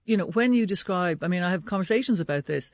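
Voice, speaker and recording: A woman's voice: on the low side, lively intonation, fast talker, no room sound, studio quality. A woman with a Dublin accent, a guest on a radio panel, talking in a chatty way with lots of fillers. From Dublin, Ireland. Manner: chatty, many "you know" fillers.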